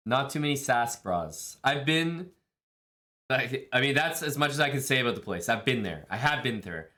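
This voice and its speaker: Bright-voiced laid-back male streamer. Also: medium pitch, animated, normal speed. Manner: laid-back, jokey, calls viewers bud and bro. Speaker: live streamer. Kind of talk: casual stream chat, reading viewer messages.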